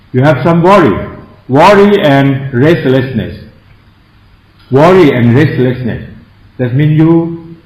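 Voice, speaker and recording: A Thai-accented man teaches meditation in a slow, unhurried way. He spells out words, repeats himself, and jokes at his own expense. His voice sits in a middle pitch and the sound is dull and lo-fi, bouncing around an echoey hall. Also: a little mellow. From Thailand. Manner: slow, repetitive, explains words and spells them out; self-mocking humor, chuckles often. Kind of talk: meditation class instruction.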